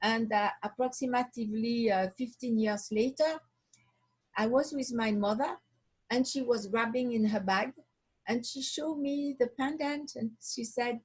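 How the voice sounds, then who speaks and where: Slow, husky Swiss woman telling a story. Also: a little high, rough recording. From Switzerland. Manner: halting, searching for words, restarts often. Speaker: watch designer, guest. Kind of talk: storytelling interview.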